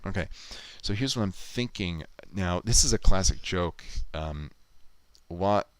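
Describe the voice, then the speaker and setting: On a livestream where he's editing a video, a man with a deep, clear, resonant voice chats at a measured pace. He's musing, thinking out loud, and reading chat comments aloud, captured on a low-quality recording.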